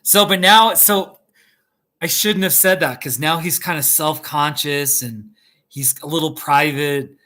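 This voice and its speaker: A man rambles through a live stream from his kitchen, chatting with viewers and breaking into laughs. His voice sits a little high and sounds bright and forward. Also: measured pace. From United States. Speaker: YouTube host. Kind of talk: casual live-stream chat. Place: home kitchen.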